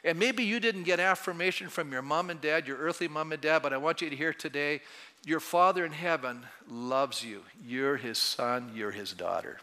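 A man's voice: on the high side, normal speed, sharp tone. A man in his sixties, a pastor preaching a sermon in a church sanctuary, chatting and joking with the congregation before building to fervent exhortation. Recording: reverberant church hall.

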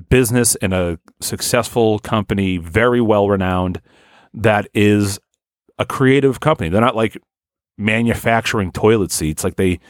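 Low-voiced rambling podcast host. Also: male voice, no room sound, studio quality. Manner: rambling, frequent swearing and fillers. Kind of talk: casual chat.

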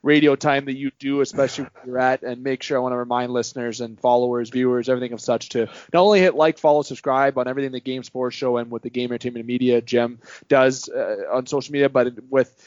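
A man's voice: medium pitch, steady tone, fast, a little mellow, no echo. A man hosting a sports podcast, wrapping up with a long, gushing sign-off. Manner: effusive, long run-on sign-off. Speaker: podcast host. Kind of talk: casual podcast chat. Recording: dry, muffled podcast audio.

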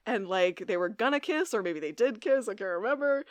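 A young woman co-hosting a podcast, talking through an episode in a casual, chatty way. Her pitch swoops up and down as she slips into voicing the characters' lines. The sound is close and dry, with no room around it. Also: brisk, dry recording. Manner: animated, acts out characters' lines while recapping. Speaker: podcast co-host. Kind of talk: casual recap chat.

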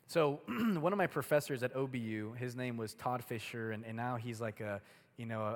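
A young man preaching a casual, chatty sermon to a youth group, using a lot of filler words. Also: medium pitch. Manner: casual, chatty, heavy use of "like". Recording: long hall reverb.

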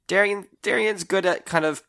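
Cocky rabbit-folk hero, played by a man; bright, gravelly, bouncy pitch. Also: heavily acted. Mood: confident. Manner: confident, boastful, slightly halting. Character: cocky young rabbit-folk adventurer, loyal. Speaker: tabletop player.

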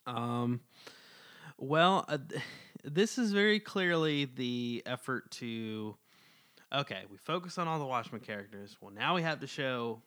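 A man with a mid-range voice co-hosts a comic review podcast. He speaks in a casual, halting way and pads his opinions with fillers. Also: medium pitch, expressive, fairly bright tone. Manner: halting, with many fillers and backchannels. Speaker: podcast co-host.

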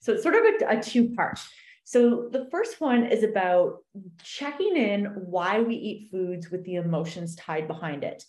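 A woman coach explaining an exercise in an animated podcast chat, acting out little voices in her examples. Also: mid-range voice, a little slow. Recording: roomy echo.

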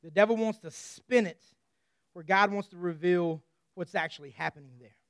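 A man's voice: sits high, normal speed, smooth, dry recording, clean studio sound. A man preaching a sermon, earnest and conversational with light humor.

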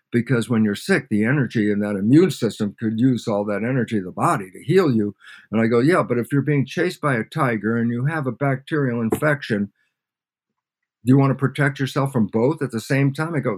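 An older man, a scientist guest in an interview, explains by acting out both sides of imagined conversations. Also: mid-range voice. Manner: acts out both sides of imagined dialogues, animated. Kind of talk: storytelling lecture in an interview.

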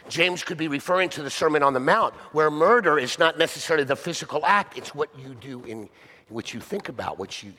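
A man's voice: on the high side, a bit bright, long reverb tail. A male pastor preaching a sermon conversationally, often asking the listeners rhetorical questions.

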